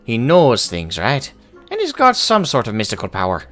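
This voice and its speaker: A man voicing a boisterous, gruff old dwarf hunter in a high, exaggerated brogue-like voice with hearty, blustering delivery. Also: wildly swooping pitch, moderate pace, soft background music. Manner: hearty, blustering, loud greetings.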